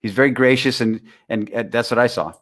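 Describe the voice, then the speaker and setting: A man's voice: mid-range voice, brisk, fairly bright tone. A man being interviewed about dating, talking casually, with many restarts and repeated words while he tells stories and gives advice. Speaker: interview guest, dating author.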